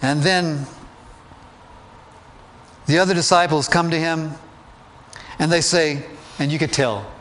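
A man's voice: fairly high pitch, steady tone, takes it slowly, pauses often, fairly bright tone, slight background noise. Chatty preacher man with a raised voice. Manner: chatty, asks the listeners questions, light humor. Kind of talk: conversational sermon.

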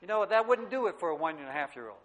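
A middle-aged man preaching a sermon, telling stories and swinging from loud to quiet. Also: high-pitched, sing-song, racing, rough recording. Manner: storytelling preacher, wide swings in loudness. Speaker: pastor.

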